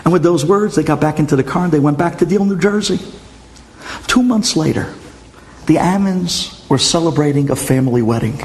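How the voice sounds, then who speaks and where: A man, a rabbi, telling a story in an animated way with sudden jumps in pitch. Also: moderate pace. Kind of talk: storytelling talk. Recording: long hall reverb.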